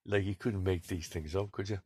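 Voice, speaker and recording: A man with a very deep voice tells rambling, casual stories about his work as a bus driver and laughs easily between them. He is recorded close and dry, with no room sound around him. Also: steady tone, fairly quick, warm tone, husky, no echo. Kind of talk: casual anecdotal storytelling.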